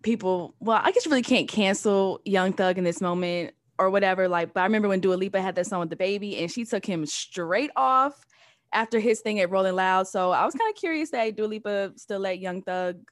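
A woman's voice: mid-range voice, a little fast. A woman co-hosting a daily music podcast, agreeable and chatty as she runs through the week's releases. The sound is dry and close, with no room echo at all. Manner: conversational, agreeable. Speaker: podcast co-host. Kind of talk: casual news chat.

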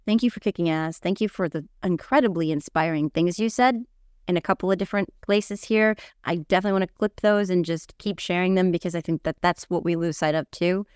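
A woman's voice: lowish voice, fairly even intonation, fairly quick, darkish tone, clear, resonant tone, no room sound, clean studio sound. A woman hosting a podcast, chatty and joking, swearing freely as she wraps up an interview. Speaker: podcast host. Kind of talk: casual interview chat.

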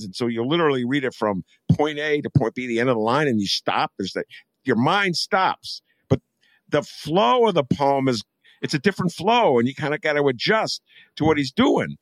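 A man hosting a podcast conversation, rambling with many fillers and an animated delivery. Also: medium pitch, no room sound. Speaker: podcast host.

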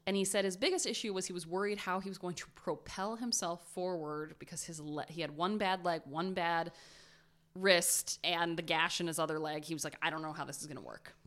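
A woman casually retelling a survival story to her co-host, animated and dropping to a hush at tense moments. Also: lowish voice, moderate pace.

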